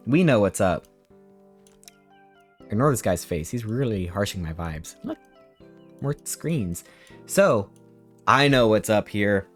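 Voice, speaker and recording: Casual male streamer, sarcastic storyteller, faint music behind. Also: lowish voice.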